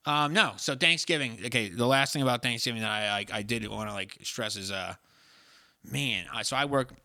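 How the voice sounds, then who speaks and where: Young male podcast host, fast-talking, swears freely, bright edgy tone. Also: medium pitch, dry recording, clean studio sound. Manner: ranting, sweary, mimics people in voices. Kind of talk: casual chat.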